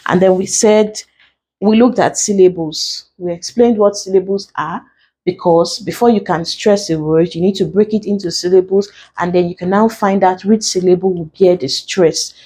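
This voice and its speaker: A woman's voice: on the low side, dark tone, breathy edge. A woman teaching an exam lesson, explaining rules patiently step by step. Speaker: English exam tutor. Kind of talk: recorded classroom lesson.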